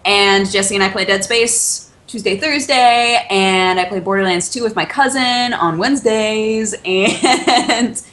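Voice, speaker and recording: A woman's voice: mid-range voice, slow, few pauses, fairly bright tone. A woman who co-hosts a podcast and runs channels, chatting casually in a giggly, easygoing way. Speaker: podcast co-host and channel creator. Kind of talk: casual chat.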